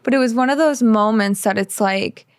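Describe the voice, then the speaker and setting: A woman's voice: fairly high pitch, normal speed, no room sound, clean studio sound. A woman co-hosting a faith podcast, speaking in an emotional, encouraging way. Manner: emotional, encouraging, with a soft, hushed delivery at times. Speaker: podcast co-host. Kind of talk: casual faith podcast chat.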